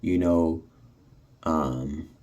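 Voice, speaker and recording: A man's voice: very deep voice, fairly even intonation, extremely slow, dark tone, dull audio. A man talking casually into his phone in his apartment, chuckling often and rambling with plenty of fillers and restarts. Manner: laughing often, frustrated, many fillers and restarts. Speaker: vlogger.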